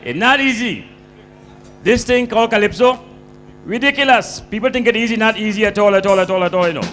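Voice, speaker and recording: A Grenadian man doing a stand-up comic monologue in a high, bright voice. He talks in a lilting, animated way and stretches out his punchlines. A little music plays faintly behind him. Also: fairly quick. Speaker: comedian storyteller.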